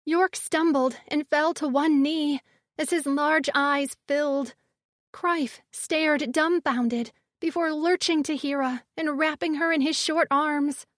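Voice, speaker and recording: High-voiced woman narrating an audiobook. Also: dry recording, clean studio sound. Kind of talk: first-person audiobook narration.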